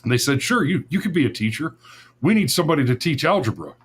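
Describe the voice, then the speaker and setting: A man's voice: a little high, big pitch swings, quick pace, breathy edge. Rambling, profane man telling a story. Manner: rambling, profane, many restarts and self-corrections. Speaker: podcast host. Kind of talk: casual storytelling.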